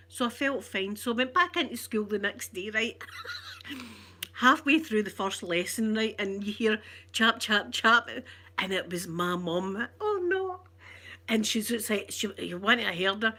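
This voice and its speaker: A Scottish woman telling a childhood story in chatty, animated ASMR style, often laughing. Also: mid-range voice, moderate pace.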